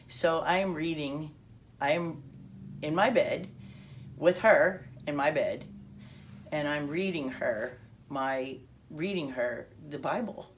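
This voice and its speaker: A woman telling her personal testimony in an animated way, acting out quotes and restarting her sentences often. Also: sits low, slow, slight background noise. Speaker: speaker sharing a personal testimony.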